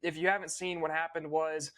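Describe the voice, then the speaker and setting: Young guy breaking down games, kinda high voice, opinionated. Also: level tone, a bit bright. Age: young adult. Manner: fluent, opinionated, quick asides with small restarts. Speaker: host. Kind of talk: casual sports recap.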